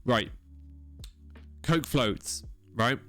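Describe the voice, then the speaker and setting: A man's voice: mid-range voice, drawn-out words, fairly bright tone, faint music behind. A man co-hosting a podcast, chatting casually and joking, with offhand swearing. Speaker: podcast co-host. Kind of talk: casual chat.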